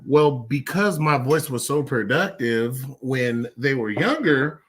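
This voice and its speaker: A middle-aged father speaking in a casual men's discussion circle, emphatic and animated, acting out quotes as he tells his story. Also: mid-range voice, slow pace, a little hiss or hum.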